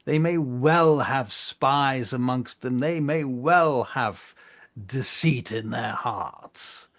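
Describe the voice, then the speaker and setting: A man voicing a suspicious, pompous marshal who speaks slowly and oratorically. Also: mid-range voice, a bit bright, voice pushed up. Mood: warning, oratorical. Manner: slow, oratorical, cautioning. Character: suspicious, pompous male marshal addressing a council.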